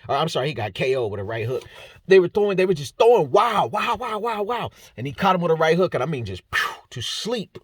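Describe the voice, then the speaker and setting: Man, fight breakdown commentary, casual and joking, rambling, lively swinging pitch, slightly high, dry close sound. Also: fast, slightly rough, no echo. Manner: joking, rambling, stumbles over names. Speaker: MMA fight breakdown host.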